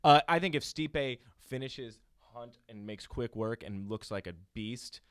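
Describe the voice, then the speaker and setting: A man's voice: mid-range voice, measured pace, fairly bright tone, smooth. A man guesting on a podcast, chatting in an easygoing, jokey way about fights. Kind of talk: casual chat.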